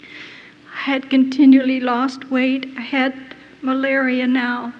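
A woman's voice: high voice, completely flat delivery, slow. An older woman giving an earnest, heartfelt testimony to an audience as a missionary speaker. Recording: dull recording in a reverberant hall.

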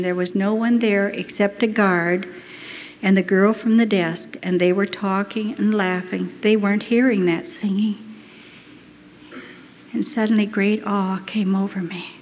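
Speaking at a moderate pace with fairly even intonation and a medium pitch, a woman gives a heartfelt first-person testimony before an audience. It was captured in a hall on dull, lo-fi equipment that leaves a faint hiss.

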